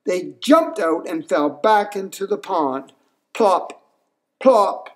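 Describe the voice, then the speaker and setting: A man reading a children's storybook aloud, slow and unhurried. His voice moves through a wide, lively pitch range as he tells the tale.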